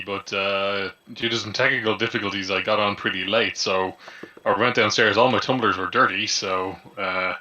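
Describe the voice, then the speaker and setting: Man, bright sharp voice, deadpan jokes, casual chat, faint noise, video call. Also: fairly low pitch, highs cut off. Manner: deadpan joking.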